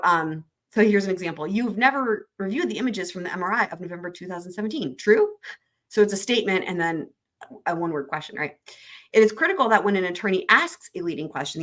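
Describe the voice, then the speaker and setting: A woman's voice: fairly low pitch, bright, forceful tone. A woman hosting a livestream who reads legal text aloud and then breaks off to chat and answer viewer comments. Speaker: livestream host reading trial commentary. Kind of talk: casual explanatory livestream.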